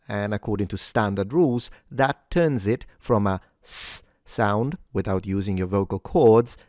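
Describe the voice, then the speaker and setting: A man with a lowish voice teaches pronunciation in a clear, measured way and slows right down to demonstrate each word. His voice is recorded dry and close, with no room sound around it. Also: a little mellow, no room sound. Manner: clear, deliberate, slows down to model words. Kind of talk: scripted pronunciation lesson.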